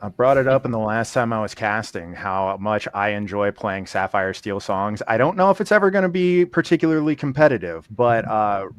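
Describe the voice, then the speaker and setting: Low-voiced easygoing man caster. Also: animated, moderate pace, few pauses, clean tone, no echo, clean studio sound. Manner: easygoing, informative player rundowns. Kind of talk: live game commentary.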